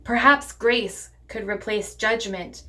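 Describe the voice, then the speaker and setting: Woman, pastor, sermon, slow deliberate cadence, slightly high voice. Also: pushed and bright. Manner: slow, measured preaching cadence.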